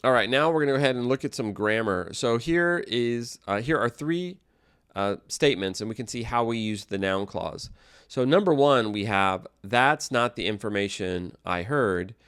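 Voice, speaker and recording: A man teaching an English grammar lesson, explaining phrases in a relaxed way with fillers and small restarts. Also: medium pitch, moderate pace, clear, resonant tone.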